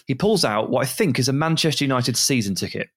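A man's voice: medium pitch, animated, fast. A man co-hosting a podcast, telling a travel anecdote in casual chat and mimicking voices in quotes. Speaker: podcast co-host.

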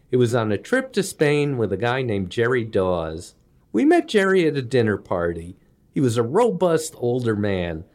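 A man's voice: medium pitch, darkish tone. A man telling a comedic story in a wry, self-deprecating way.

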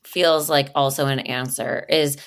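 A woman's voice: a bass voice, fairly even intonation, measured pace, clear, resonant tone. A woman co-hosting a podcast in casual chat, thinking aloud and asking long questions. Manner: thoughtful, asks long questions. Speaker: podcast co-host.

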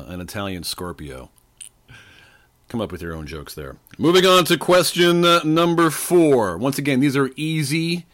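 A man in his forties or older, slightly hoarse, hosting a casual trivia quiz podcast with a playful, joking manner. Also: on the low side. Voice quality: playful, jokey. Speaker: podcast host. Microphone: desk microphone.

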